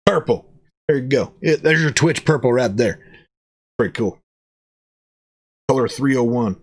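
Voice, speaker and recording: A man talks his way through an unboxing in a loose, casual vlog. He jokes in a playful cowboy persona, and his voice sits in a middle range before leaping up when he gets excited. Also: mid-range voice, measured pace, husky. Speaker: product reviewer.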